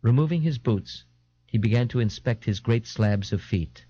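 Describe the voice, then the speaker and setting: A man narrating an audiobook in a wry, lively storytelling manner, close to the microphone. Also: fairly low pitch, normal speed, dry recording. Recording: dull, dry 1989 tape recording.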